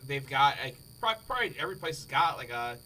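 A man's voice: medium pitch, big pitch swings, fast talker, bright, forceful tone. A man co-hosting a casual chat, talking in crude banter with plenty of fillers. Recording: distant mic with faint room noise.

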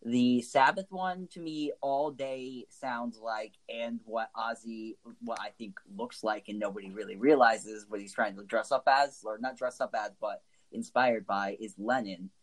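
On a casual music chat, a male co-host speaks enthusiastically and emotionally, full of likes and ums. His mid-range voice is unhurried, and the recording quality is low.

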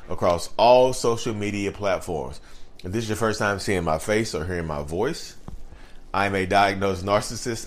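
Casual vlog host, male, lowish voice, emphatic and repetitive, stretches words out. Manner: emphatic, repeats key phrases, drawls words slowly. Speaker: YouTube host on narcissism. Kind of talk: casual talking-to-camera monologue.

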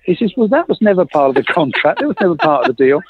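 On a dry, tinny recording that sounds like a phone line, a man talks fast in a high, husky voice. He tells a long story in a chat, livelily acting out the quoted dialogue and laughing often.

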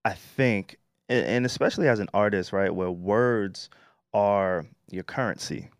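A man's voice: on the low side, no room sound, studio quality. A man around thirty co-hosting a casual talk show, making his points steadily and checking that the listener follows. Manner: measured, asks "you get what I'm saying?". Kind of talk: casual chat.

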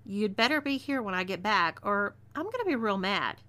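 A woman reading the story gives voice to a cruel female outlaw with a Texan twang. She drawls her threats in a mocking, menacing way. Her tone is bright and forceful, part of a storybook western. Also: medium pitch, lively intonation, brisk. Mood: threatening.

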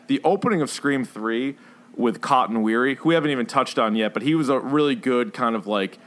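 A man co-hosting a podcast, chatting casually about films in a rambling way, full of fillers and animated retellings. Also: medium pitch, brisk. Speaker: podcast co-host. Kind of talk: casual chat reviewing films.

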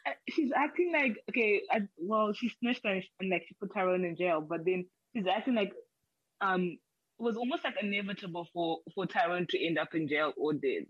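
A woman with a mid-range voice, rambling through her thoughts with lots of "like" and restarts. Her voice sounds dry and a little muffled, as if from a dull, low-fi mic. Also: normal speed, breathy edge, no room sound. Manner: rambling, many "like" fillers and restarts. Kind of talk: casual chat.

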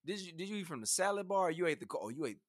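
A man co-hosting a podcast, reacting in casual chat with quick interjections and joking asides. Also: sits high, lively intonation, no echo, studio quality. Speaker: podcast co-host.

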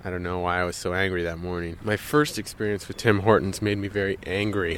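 A man's voice: low voice, fairly even intonation, a little fast, few pauses, noisy background. A man telling a personal anecdote for a radio show, emphatic and repeating words for effect. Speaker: storyteller.

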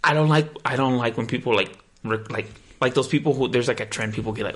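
A young man talking in a casual podcast chat, profane and animated, ranting with lots of filler words. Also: mid-range voice, quick pace.

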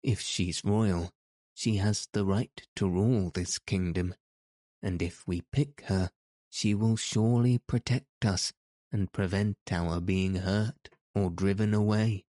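A friendly, shaggy wanderer from a storybook speaks eagerly, as a man reads him. The voice is mellow and low, with a slow delivery. It is recorded dry and close. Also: fairly even intonation, no echo.

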